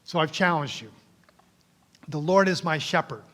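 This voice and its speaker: A man preaching a sermon as pastor in a church, conversational, sometimes dropping to a soft whisper. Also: fairly high pitch, expressive, normal speed. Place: church sanctuary. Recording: long church reverb.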